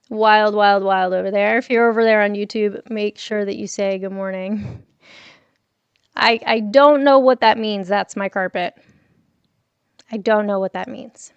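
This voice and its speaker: A woman's voice: mid-range voice, clear, resonant tone, no echo, muffled recording. A woman hosting a casual morning livestream from home, chatting with viewers and reading their messages aloud, laughing often. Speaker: livestream host.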